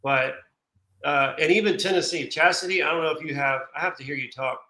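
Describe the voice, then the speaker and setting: A man's voice: fairly high pitch, brisk, pushed and bright, roomy sound, rough recording. A man from Texas, chatting casually as a stream guest, with frequent restarts. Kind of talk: casual chat.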